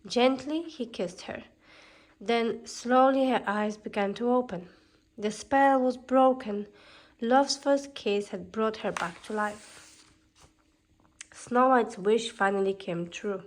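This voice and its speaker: A woman narrating a fairy tale as a calm storybook reading. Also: fairly high pitch, takes it slowly.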